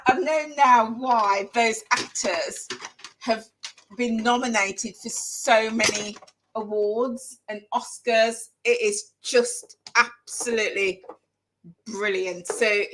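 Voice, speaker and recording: A woman talks casually to her viewers while she cooks in her home kitchen. Her voice sits a little on the high side, and she rambles, repeating phrases for emphasis. A faint hiss of background noise runs under her voice. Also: fairly even intonation, slow. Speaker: vlogger. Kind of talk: casual chat while cooking.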